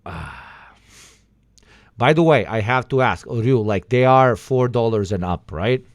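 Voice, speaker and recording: A man hosting a livestream in casual chat, excitable and swearing, pleading loudly with his viewers. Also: medium pitch, a little slow, dry recording, studio quality. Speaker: livestream host.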